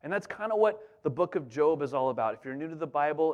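A middle-aged man preaching as a pastor, telling a childhood story in a lively, conversational way full of asides to the congregation. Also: a little high, fairly quick. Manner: animated, conversational, repeats "you know what I'm saying". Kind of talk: storytelling sermon.

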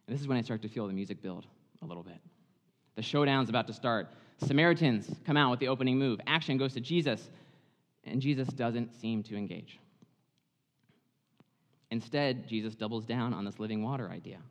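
A male preacher with a mid-range voice who retells scripture in a casual, lively way, playing up its tension. His voice carries a long reverb, as if spoken in a large hall. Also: medium pitch, normal speed, pauses often. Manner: animated, chatty, dramatizing the story. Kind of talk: sermon, conversational Bible storytelling.

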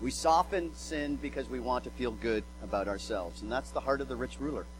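A man's voice: mid-range voice, a little fast, background noise. A male pastor preaching a sermon, emphatic, repeating words as he drives points home and acting out quotes.

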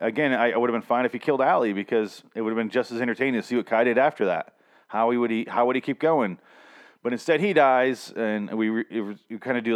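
A man recapping a TV episode in a casual, rambling, profane, wisecracking way. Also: lowish voice. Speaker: TV show reviewer.

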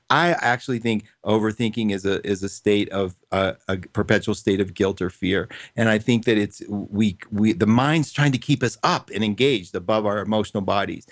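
Man, radio host, gentle and reassuring, affectionate with callers, dry close sound. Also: lowish voice, no room sound. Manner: gentle, reassuring, calls callers sweetie and honey. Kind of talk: call-in radio chat.

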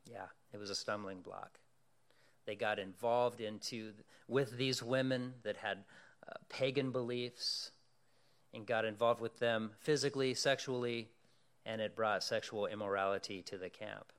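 A male pastor preaching a sermon, telling a story in an animated way and asking the congregation questions. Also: on the low side, a little slow.

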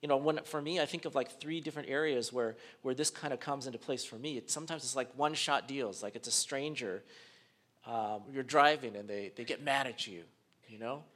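A pastor preaching a sermon, animated, dropping to a hush and then rising loud as he acts out rude strangers. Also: mid-range voice, a little fast.

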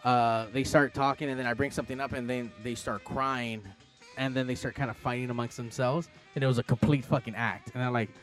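A man's voice: mid-range voice, fairly even intonation, fairly quick, fairly bright tone, faint music behind. Crude storytelling podcast host, man. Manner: rambling storyteller, heavy swearing. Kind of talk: crude casual chat.

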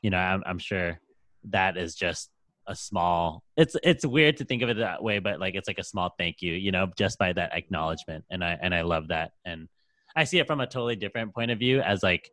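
A man's voice: low voice, brisk, a bit bright, dry recording. A man hosting a casual podcast interview, reflective and encouraging as he asks questions. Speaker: podcast host, high school teacher.

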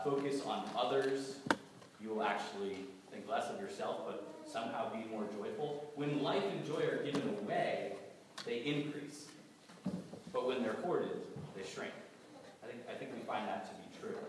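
New England man preaching in an echoey hall. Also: mid-range voice. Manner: conversational, gently humorous, stumbles and repeats words. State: has a cold. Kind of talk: sermon. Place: large church hall. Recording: echoey hall from far off, audible noise.

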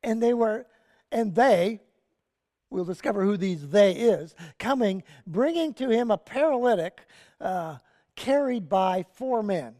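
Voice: mid-range voice, expressive, measured pace, warm tone, big-room sound. A pastor giving a sermon and telling a story with animation and casual asides. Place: church sanctuary.

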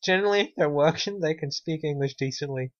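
A man's voice: on the high side, fast, no room sound. A man co-hosting a podcast, chatting casually with a wry, sarcastic edge, often trailing off and restarting. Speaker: podcast co-host. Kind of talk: casual chat. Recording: dull, dry lo-fi podcast audio.

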